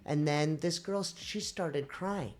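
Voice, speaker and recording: A woman on a podcast telling a personal story in a casual, animated way, acting out the voices of the people in it. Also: deep voice, slow. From India. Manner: animated, acts out quoted voices. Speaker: podcast host.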